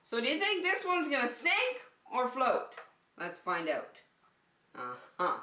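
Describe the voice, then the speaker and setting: A woman's voice: high-pitched, wildly swooping pitch, unhurried, bright, forceful tone, reverberant, distant mic. A woman teaching a preschool circle time, talking to the children as friends in a sing-song voice.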